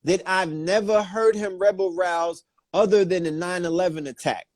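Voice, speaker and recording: A man riding an impassioned, preachy streak, punching each point in turn. His voice sits a touch high for a man. The sound is dry and close, with no room in it. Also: normal speed, dry recording. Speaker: guest commentator. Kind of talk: casual podcast talk.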